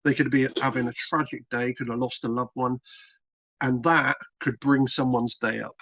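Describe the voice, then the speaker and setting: Here a content creator from Britain answers interview questions in a rambling, repetitive, plain-spoken manner. He speaks at normal speed with a steady, fairly bright tone and a medium, mid-range pitch. The recording sounds dull and dry.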